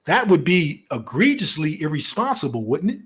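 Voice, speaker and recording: Animated, combative man ranting. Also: on the high side, moderate pace. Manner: confrontational, profane, animated. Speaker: online commentator. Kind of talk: heated commentary rant.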